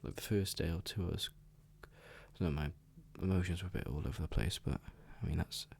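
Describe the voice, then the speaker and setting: A young man rambling casually in a soft, half-whispered ASMR chat, full of fillers and the odd swear word. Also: deep voice, brisk, gravelly. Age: young adult. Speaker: ASMR creator.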